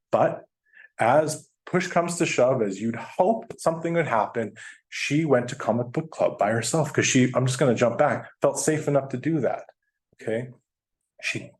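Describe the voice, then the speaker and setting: Man, guest speaker, mid-range voice, lively storyteller. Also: mid-range voice. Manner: animated, chatty, laughs while telling. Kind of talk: storytelling presentation.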